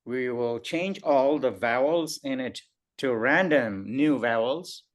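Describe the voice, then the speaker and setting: A man teaching a live online programming class, guiding students step by step with many pauses and fillers. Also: medium pitch. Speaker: programming instructor.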